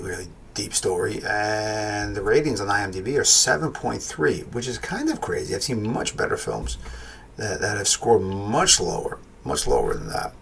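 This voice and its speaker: Gravelly low-voiced man reviewing a film. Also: a bit bright, a little hiss or hum. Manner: rambling, self-correcting, thinks aloud. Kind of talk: casual spoken film review.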